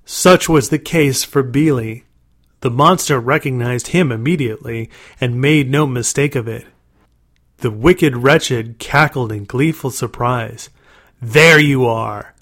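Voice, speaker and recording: A man narrating a dark storybook in a measured, dramatic reading. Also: medium pitch.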